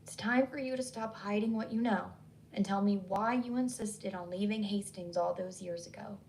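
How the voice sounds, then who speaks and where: A woman voicing an insistent Southern woman with a Southern accent, who stays calm while she presses hard. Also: medium pitch, normal speed, far from the mic, a little hiss or hum, lightly acted. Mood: urgent, insistent. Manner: calm but pressing, pleading.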